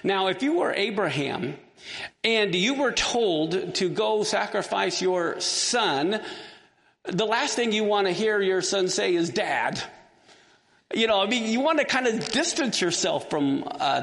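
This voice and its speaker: A man's voice: high voice, expressive, normal speed, a bit bright. A man teaching a Bible lesson to a class, asking his listeners questions as he walks them through a passage. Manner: engaged, asks the class questions. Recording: long hall reverb.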